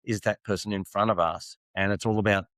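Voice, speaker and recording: A middle-aged man hosting a dental podcast, speaking in an animated, chatty way and quoting sales advice. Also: lowish voice, a little fast, no echo. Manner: animated, quotes sales trainers in lively put-on voices. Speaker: podcast host, dentist. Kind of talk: conversational podcast interview.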